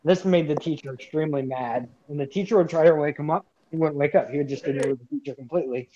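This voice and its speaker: A man's voice: a little high, fast talker, dark tone. A man telling a story from his school days in a casual, rambling chat, with many restarts. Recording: dull lo-fi sound.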